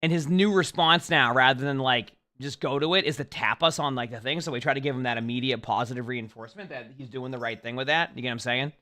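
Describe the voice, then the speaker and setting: Bright-voiced young man chatting on stream. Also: mid-range voice, quick pace, hardly any pauses. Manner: rambling, many restarts and fillers, chatty with viewers. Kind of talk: casual livestream chat.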